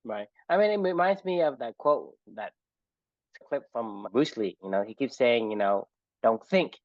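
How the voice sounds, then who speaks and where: A man of middle pitch, co-hosting a podcast in relaxed chat. He talks his ideas through reflectively and laughs along with his partner. The recording is dry and slightly dull, a little lo-fi. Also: normal speed, dry recording. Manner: reflective, ties points back with "you know" and "right", laughs along. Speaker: podcast co-host. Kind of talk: casual chat.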